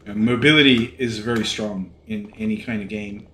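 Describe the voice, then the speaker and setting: A man's voice: fairly low pitch, normal speed, slight background noise. Sick man rambling over gameplay. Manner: rambling, relaxed, many fillers. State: sick and yawning. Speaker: let's play gamer. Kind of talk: casual gameplay commentary. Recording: echoey room. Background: faint game music.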